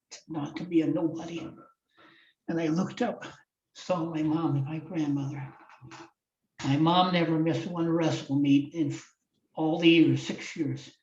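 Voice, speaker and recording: A fairly high-pitched man with a darkish tone, an older former wrestling champion and motivational speaker from Iowa, USA, speaks from the heart as a podcast guest, often beginning his thoughts again. The audio is roomy, remote, and slightly dull.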